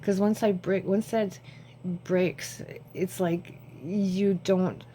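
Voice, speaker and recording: A woman's voice: fairly low pitch, steady tone, slow, dark tone, a little hiss or hum. A woman vlogging to her phone at home, talking casually and rambling from thought to thought, short on sleep. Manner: rambling, jumps between thoughts. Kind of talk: casual talk to camera. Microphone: phone camera.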